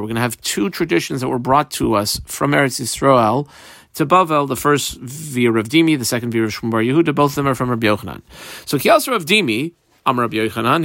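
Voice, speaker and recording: A man's voice: mid-range voice, a bit bright, no room sound, studio quality. A man teaching a Talmud class, reading Aramaic phrases and explaining each one in English, step by step, and telling which words he marked on the page.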